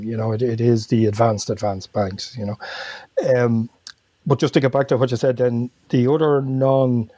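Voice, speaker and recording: Man rambling warmly about books. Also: mid-range voice, dry recording. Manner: rambling, self-correcting, chuckles often. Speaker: podcast guest. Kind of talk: casual podcast chat.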